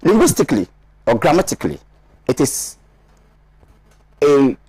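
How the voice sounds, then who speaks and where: A man from Ghana sits on a studio panel and explains a point in a lecturing, emphatic way, repeating words as he builds up. His voice sits a little high and swings up and down a lot. The sound is dry and close. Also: sing-song, normal speed, mellow, breathy edge, no room sound. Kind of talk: studio discussion analysis.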